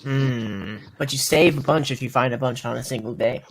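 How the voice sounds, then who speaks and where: A man's voice: mid-range voice, normal speed. A man co-hosting a podcast in casual chat, giving short, dry, teasing replies. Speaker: podcast co-host.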